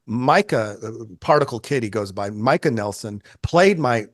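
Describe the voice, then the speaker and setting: A man in his sixties, a photographer telling stories in a casual interview, animated and chatty, often restarting his sentences and swearing freely. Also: mid-range voice, moderate pace, dry recording, clean studio sound. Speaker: photographer guest.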